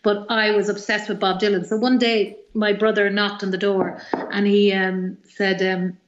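A middle-aged woman with an Irish accent, a singer-songwriter telling animated, rambling stories as a guest in an interview. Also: medium pitch, normal speed, reverberant, dull audio. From Ireland. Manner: rambling, animated anecdotes with many fillers. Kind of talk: radio interview storytelling.

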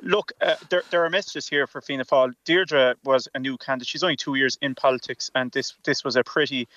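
An Irish man, a politician, answering questions in a radio panel interview over a remote call, earnest and quick, often repeating words at the start of sentences. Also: mid-range voice, fairly even intonation, fairly bright tone, dry recording, muffled recording. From Ireland. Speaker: politician guest.

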